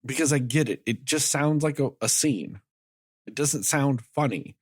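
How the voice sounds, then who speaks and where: His mid-range voice is slightly rough, captured in clean studio sound with no echo. He co-hosts a casual film review podcast where he rambles and swears freely about scenes, frequently mimicking characters' lines in rapid asides.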